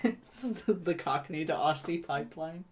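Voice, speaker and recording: A woman's voice: deep voice, normal speed. A woman co-hosting a comedic book chat, heckling and laughing along. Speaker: book podcast co-host.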